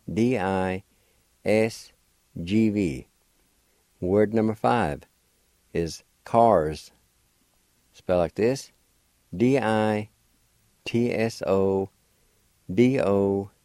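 A man hosting a radio language lesson, slowly spelling out words letter by letter and repeating them patiently. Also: lowish voice, mellow, no echo. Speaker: language teacher and radio host. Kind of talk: slow word-by-word language lesson. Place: radio studio.

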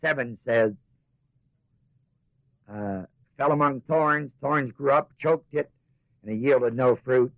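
A man's voice: medium pitch, slow, long pauses, no echo. A man teaching a Bible class in sermon style, acting out the voices of doubters in asides and then pressing his points with rising emphasis. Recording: tinny lo-fi old tape, dry.

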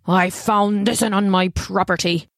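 A snarling, gnarled old man who barks at an intruder in rough country speech, as a woman reads him aloud. The voice is close and dry, with no room around it. It sits at an ordinary pitch for the reader. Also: steady tone, unhurried, no echo, natural voice. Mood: gruff. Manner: gruff, barking, rustic speech. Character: gnarled mean old man, grumpy and threatening.

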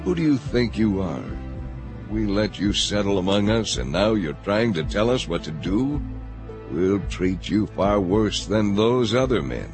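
A man's voice: lowish voice, animated, unhurried, music in the background. A man reading the lines of a hostile crowd of men who threaten and jeer. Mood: menacing. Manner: shouting, threatening.

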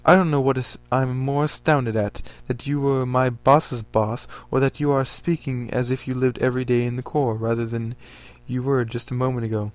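An earnest, solemn preacher, read by a man in a storybook reading, with formal, stiff phrasing in an ordinary middle-pitched voice. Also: fairly even intonation, normal speed, hardly any pauses, lightly acted. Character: earnest, solemn male preacher, former soldier.

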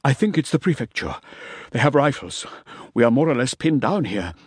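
An out-of-breath mercenary soldier, as a male narrator puts him on, reporting urgently from a pinned-down position. The voice rides slightly above the narrator's own, brisk and lively. Dry audiobook sound. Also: medium pitch, slightly rough, no echo, pitched above the performer's own voice.

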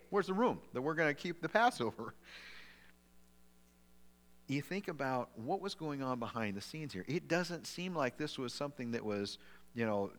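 Low-voiced pastor man in a reverberant hall. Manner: conversational, animated asides, repeats words when restarting. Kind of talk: sermon. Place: church sanctuary. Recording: long reverb of a large hall.

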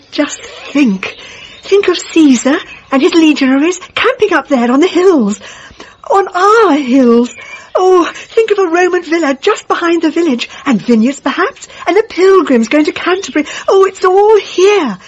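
An actress playing a genteel, gushing middle-aged spinster with a fluttery manner. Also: female voice, high voice, dull audio. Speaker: visiting spinster neighbour. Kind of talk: period TV comedy-drama acting.

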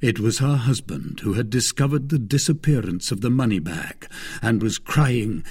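Here is a male audiobook narrator telling a classic tale at a measured pace. His voice is husky and moves expressively in pitch. The narration is scripted and steady. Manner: measured storytelling.

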